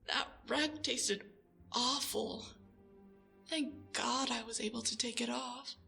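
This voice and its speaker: A woman's voice: on the high side, takes it slowly, gravelly, pushed and bright, full character voice. Woman doing a scared young captive, whispery and breathless, faint music behind. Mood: tense, frightened. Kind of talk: audio drama role-play.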